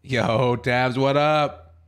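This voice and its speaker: A man with a cold-roughened, hoarse voice, chatting loosely and swearing with viewers while playing a game at home. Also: medium pitch, steady tone, very slow. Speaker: streamer. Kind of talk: casual live-stream chat while gaming.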